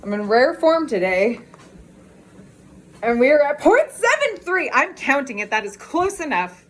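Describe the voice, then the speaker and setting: A woman's voice: high voice, unhurried. A woman chatting on a walking vlog, out of breath and laughing often, recorded on a phone outdoors. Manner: bubbly, laughs often, excitable. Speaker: vlogger. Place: outdoors on a walk.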